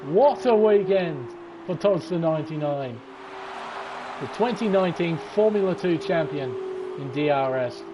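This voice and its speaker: A man with a high voice commentates a sim-racing league race, excitable and sleepy, cursing and laughing. Loud engine noise from the racing game runs behind his voice. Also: unhurried. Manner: excitable, swears, breaks into laughs. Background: racing game car sounds.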